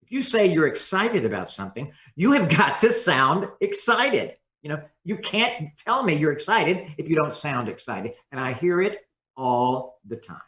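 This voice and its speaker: Expressive male coach in an echoey room. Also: fairly high pitch, normal speed. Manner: expressive, demonstrates tones of voice. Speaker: communication coach and guest. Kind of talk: podcast interview.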